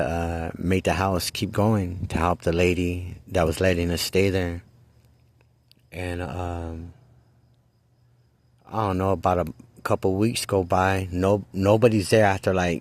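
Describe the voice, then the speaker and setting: A man with a very low, deep voice tells a personal story in a loose, casual way. He rambles, restarts his sentences and swears freely. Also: darkish tone, no room sound.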